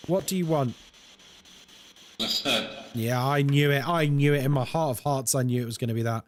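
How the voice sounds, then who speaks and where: A young man streaming a horror game, chatting with his viewers in a jokey, animated way. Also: mid-range voice, normal speed, a little hiss or hum. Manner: animated and chatty, reads chat aloud, jokey asides. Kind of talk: casual live-stream chat while gaming.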